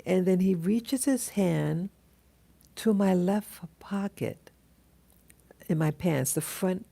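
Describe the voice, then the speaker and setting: A woman telling a dream in a casual, halting monologue, full of restarts and fillers as she greets viewers of her live stream. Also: lowish voice, gravelly, warm tone. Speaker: vlogger recounting a dream.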